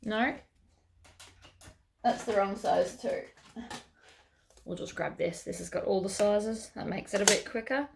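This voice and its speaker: A woman's voice: medium pitch, measured pace, creaky, pauses often, a little hiss or hum. A woman hosting a sewing tutorial, chatting casually as she works through each step.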